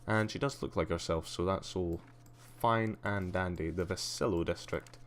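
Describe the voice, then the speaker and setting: A Scottish man with a hint of poshness in his accent talks casually through a game stream. His voice sits low, and his humour is dry and self-mocking. A faint hum runs underneath. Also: normal speed. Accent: Scottish with a slight posh English tinge. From Scotland. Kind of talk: casual livestream commentary.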